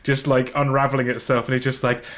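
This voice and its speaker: A man co-hosting a podcast, telling anecdotes in a relaxed, sweary, casual way over a video call. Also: medium pitch, quick pace. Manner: laid-back, swears, tells anecdotes. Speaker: podcast co-host. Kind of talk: casual chat.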